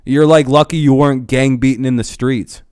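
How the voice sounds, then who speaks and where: A man's voice: mid-range voice, fairly even intonation, normal speed, a little mellow, clear, resonant tone, dry recording, clean studio sound. A young man ranting casually to his live-stream chat, swearing a lot, laughing often and getting heated.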